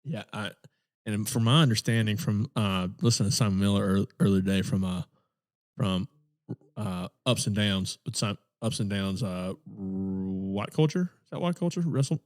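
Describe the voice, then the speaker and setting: A man's voice: fairly low pitch, moderate pace. A man co-hosting a wrestling podcast, chatting casually with plenty of fillers and restarts. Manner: rambling, many fillers and restarts, laughs often. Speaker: podcast co-host. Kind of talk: casual chat.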